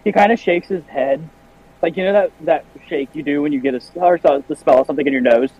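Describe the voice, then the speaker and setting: A man describes his character in a tabletop game, laid-back and easy. His voice sits a bit high, and the recording is dull and lo-fi. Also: fast talker, a little hiss or hum. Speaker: player. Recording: dull lo-fi audio.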